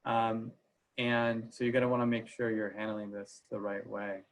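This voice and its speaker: A man's voice: on the low side, monotone, moderate pace, low-quality recording. A man giving a legal presentation on a video call, speaking conversationally with frequent "uh" fillers. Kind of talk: webinar presentation.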